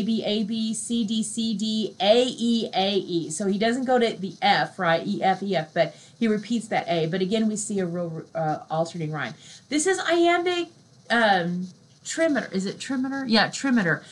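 Woman lecturer, casual classroom delivery, mid-pitched voice, slow, soft poem readings. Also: poor audio. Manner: conversational, often adds "right?" as a check; reads poems aloud slowly and softly. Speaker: literature lecturer. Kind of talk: recorded university lecture.

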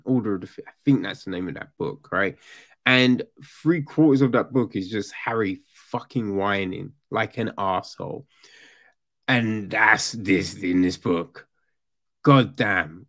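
A man's voice: on the low side, a little slow. A man on a podcast, casually ranting about a book, swearing a lot and mocking the characters. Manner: animated, profane, mocking voices of characters. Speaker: podcast host. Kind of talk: casual book review rant.

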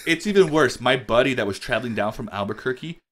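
A young man hosting a podcast, telling a story in a rambling, animated way, swearing freely and saying "like" and "dude" constantly. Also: medium pitch, fast talker. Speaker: podcast host. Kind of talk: casual storytelling chat.

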